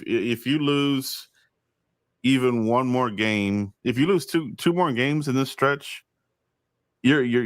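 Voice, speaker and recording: A man's voice: medium pitch, no room sound, studio quality. A man co-hosting a sports podcast, talking casually and restarting his sentences often. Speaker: podcast co-host.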